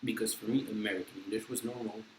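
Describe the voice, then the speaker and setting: Young french-accented guy rambling over food, lowish voice, kinda echoey room. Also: fairly even intonation, quick pace, darkish tone, slight background noise. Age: young adult. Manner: rambling, blunt and profane, with many fillers. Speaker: vlogger. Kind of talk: casual mukbang chat while eating. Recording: echoey room with faint ambience.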